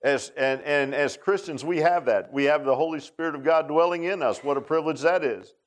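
A man's voice: fairly high pitch, brisk. A pastor preaching a Father's Day sermon in a folksy, conversational way, often turning to the congregation with rhetorical questions.

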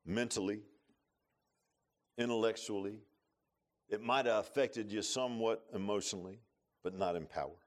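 A man's voice: lowish voice, moderate pace, pauses often. Earnest preacher man. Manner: earnest, emotional preaching with rising bursts and soft confessional drops. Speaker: pastor. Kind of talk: sermon. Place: church sanctuary.

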